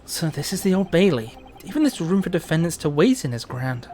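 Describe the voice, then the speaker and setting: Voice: medium pitch, very animated, fairly quick, a little mellow, a little hiss or hum, close to an everyday voice. A streamer reading the lines of a tense young male lawyer in a game, in an earnest, brooding tone.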